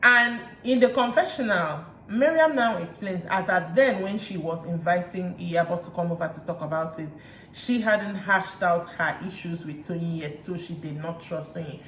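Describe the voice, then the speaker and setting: A Nigerian woman recapping reality TV in a chatty way, retelling scenes with lively asides. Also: lowish voice, moderate pace. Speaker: reality TV reviewer. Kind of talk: casual recap chat. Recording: roomy room echo, faint hiss.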